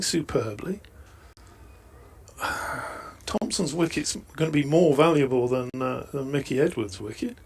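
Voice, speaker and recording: A man's voice: fairly high pitch, animated, normal speed, creaky, pauses often, husky. A man summarising cricket in a chatty, opinionated way, often asking rhetorical questions. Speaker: expert summariser.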